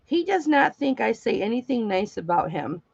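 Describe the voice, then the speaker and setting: A woman's voice: fairly high pitch, very animated, normal speed, vocal fry, slightly rough, dry recording, highs cut off. A woman talking candidly and at length to her live-stream viewers in a heartfelt, rambling way. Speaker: live-stream jewelry seller.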